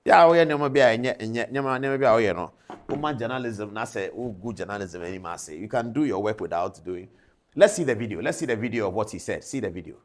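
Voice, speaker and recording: A man's voice: on the low side, expressive, quick pace, background noise. A man speaking as a TV news presenter, delivering impassioned on-air commentary full of indignant, lecturing rhetorical questions.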